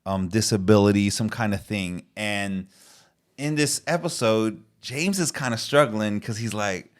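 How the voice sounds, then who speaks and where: A man's voice: on the low side, measured pace. A middle-aged man hosting a podcast, talking earnestly and with feeling in casual chat, retelling scenes. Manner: earnest, emotional, retells scenes with quoted lines. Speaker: podcast host.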